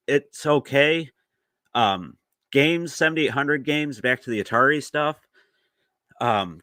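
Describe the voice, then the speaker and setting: A man's voice: mid-range voice, fairly bright tone, no room sound. A man hosting a retro gaming podcast, talking in a laid-back way with lots of fillers. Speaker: podcast host. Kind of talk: casual chat.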